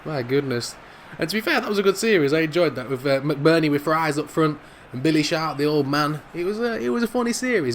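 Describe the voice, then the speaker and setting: Jamaican male gamer voice, middle-aged, a touch high, excitable play-by-play with a faint hiss behind it. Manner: excitable, laughs often, drawn-out shouts over goals. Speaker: gaming commentator. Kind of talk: casual football game commentary. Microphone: studio microphone.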